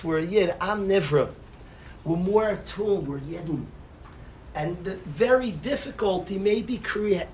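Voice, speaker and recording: A man, a rabbi, giving a passionate sermon-style Torah class, swinging from loud cries to hushed near-whispers and peppering his speech with Hebrew and Yiddish terms. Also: a little high, a little hiss or hum.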